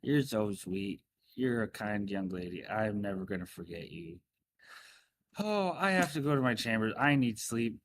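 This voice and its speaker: A man's voice: mid-range voice, lively intonation, normal speed, few pauses, a bit bright, slight background noise, pitched above the performer's own voice, close to an everyday voice. A man voicing an emotional, tipsy older noblewoman who gushes and stammers. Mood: fond. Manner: gushing, sentimental, stammering.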